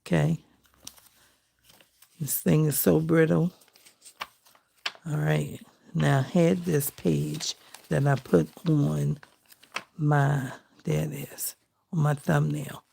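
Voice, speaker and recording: A woman's voice: deep voice, flat delivery, takes it slowly, gravelly, long pauses, mellow, a little hiss or hum. A middle-aged woman, chatting in a heartfelt, folksy way while she crafts for her vlog. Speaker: crafting vlogger. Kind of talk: casual chat while crafting.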